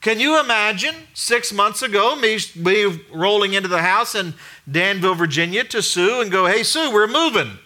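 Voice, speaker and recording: Man, pastor, sermon, high voice, very bright and forceful, chatty, rhetorical questions. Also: animated, moderate pace. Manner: conversational preaching with rhetorical questions, dropping quiet for emphasis.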